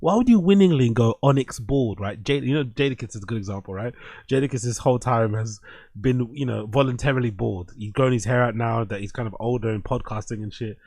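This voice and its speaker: A man casually commentating on clips he is watching, profane and animated, talking back at them. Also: medium pitch, brisk, dry recording. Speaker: streamer reacting to clips.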